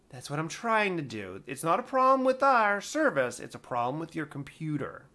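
A man casually telling a tech support story from his past, animated and exasperated, poking fun at himself. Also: fairly high pitch, normal speed, hardly any pauses. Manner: animated, exasperated, self-mocking. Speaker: storyteller, former IT support worker.

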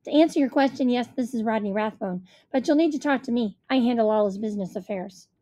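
A woman doing a cocky, high-voiced kid agent. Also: fast, dark tone, lightly acted. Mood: confident. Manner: eager, self-assured salesman patter. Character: confident fast-talking schoolboy who acts like an agent.

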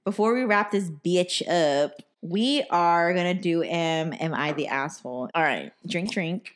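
A woman co-hosting a podcast, telling a story in a blunt, profane, animated way. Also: on the low side, a little slow. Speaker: podcast co-host. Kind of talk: casual storytelling.

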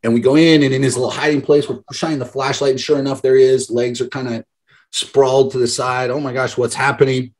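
He talks fast in a mid-range, slightly mellow voice with little pitch movement. A business mentor in his thirties, he tells stories in a motivational group-call talk and acts out the voices of those he quotes.

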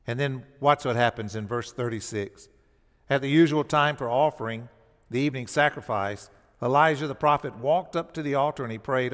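A male pastor delivers a sermon in a church sanctuary, and his voice trails into a long reverb. His pitch sits in the middle of the range. He speaks with emphasis and often stumbles into repeated restarts as he tells the story. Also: moderate pace, fairly bright tone.

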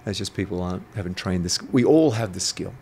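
Deep gravelly blunt man. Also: lively intonation, quick pace, darkish tone, a little hiss or hum. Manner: blunt, provocative, swears freely. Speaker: guest, intuitive coach. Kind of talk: storytelling interview talk.

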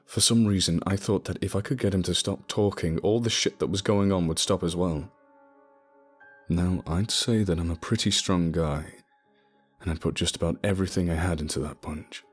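A man with a very deep, husky voice narrates a scripted horror story in a steady, low-key manner. Soft music plays quietly under his voice. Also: moderate pace.

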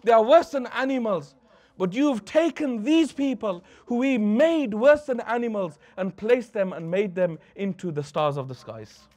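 A man voicing a shocked Arab chieftain in a retold story, speaking with slow, impassioned emphasis. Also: high-pitched, lively intonation, a little mellow, pitched above the performer's own voice. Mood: awed.

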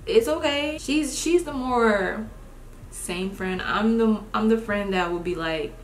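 A young woman chatting casually to viewers while doing her makeup, expressive and lively, calling them y'all. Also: medium pitch, slow pace, a little hiss or hum. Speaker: beauty vlogger. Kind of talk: casual get-ready-with-me chat. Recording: roomy home recording.

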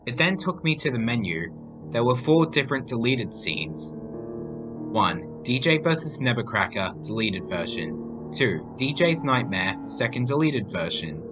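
Animated male horror story narrator. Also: mid-range voice, a little slow. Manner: reading aloud, animated. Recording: faint music behind voice.

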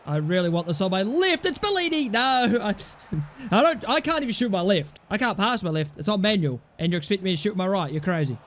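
A young man commentating his own football video game play, swinging from low mumbled asides to loud, shouted goal calls. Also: big pitch swings, fairly quick. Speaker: gaming YouTuber. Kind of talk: excitable gameplay commentary.

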